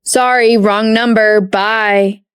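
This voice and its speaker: A woman's voice: mid-range voice, steady tone, takes it slowly, smooth, no room sound, clean studio sound, lightly acted. A woman voicing Sylvia, an impulsive, dramatic young woman detective, with an emphatic, exclaiming delivery.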